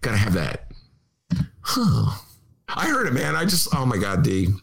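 A man's voice: mid-range voice, huge pitch swings, unhurried, vocal fry, a bit bright, husky. A man hosting a talk radio show, joking casually and mocking people in put-on voices. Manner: wisecracking, acts out quoted people in mocking voices.

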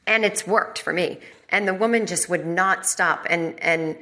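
A woman's voice: on the low side, measured pace, sharp tone. A woman hosting a comedy podcast from home, telling a rambling, exasperated story and swearing freely. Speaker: podcast host.

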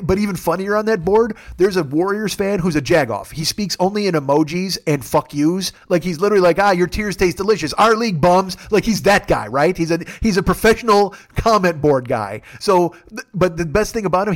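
A man with a high-pitched voice rants about sports on his podcast. He swears constantly and tells his stories with excitable comic energy. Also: a little fast. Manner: profane, excitable storytelling. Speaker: podcast host. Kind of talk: comedic sports rant.

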